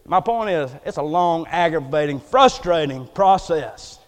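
A man preaching a folksy, emphatic storytelling sermon. He swings between loud bursts and hushed asides. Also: fairly high pitch, animated, measured pace. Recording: long hall reverb.

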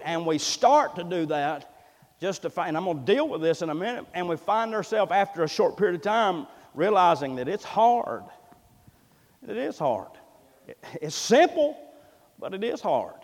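High-voiced preacher in a reverberant hall. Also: male voice, lively intonation, normal speed. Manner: folksy preaching, building to loud emphatic peaks. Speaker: pastor. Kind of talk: sermon. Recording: long reverb in a church hall.

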